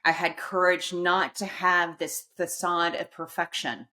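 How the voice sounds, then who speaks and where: A middle-aged woman speaks in a low register, taking her time as she tells a personal story. Her tone is bright and forceful. She acts out the quoted lines and laughs at herself along the way. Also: little pitch movement, measured pace. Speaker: podcast guest.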